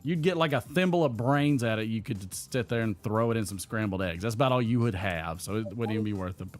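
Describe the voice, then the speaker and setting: A man hosting a casual live pipe-smoking chat, telling stories and acting out quotes in a higher voice. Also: fast, soft background music. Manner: animated storyteller, acts out quotes in a higher voice. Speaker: podcast host.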